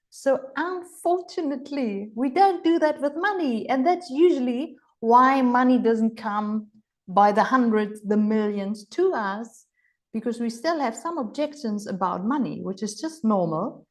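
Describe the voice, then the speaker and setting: A woman's voice: a little high, animated, a little slow, darkish tone. Woman, upbeat online mentor, exclamatory and playful. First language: German. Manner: enthusiastic, exclamatory, acts out gushing voices. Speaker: healing and money mentor. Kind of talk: live online coaching session.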